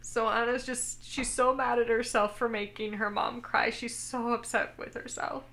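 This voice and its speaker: A woman's voice: a little high, steady tone, normal speed, sharp tone. A woman co-hosting a casual podcast, retelling anime scenes and quoting the characters in her own voice. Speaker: podcast co-host. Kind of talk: casual chat recapping an anime.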